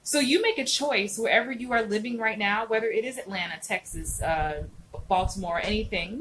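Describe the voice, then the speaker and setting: A woman's voice: mid-range voice, normal speed, a bit bright, slight background noise, low-quality recording. A woman acting coach hosting a casual live stream, chatting animatedly and answering viewers' comments by name.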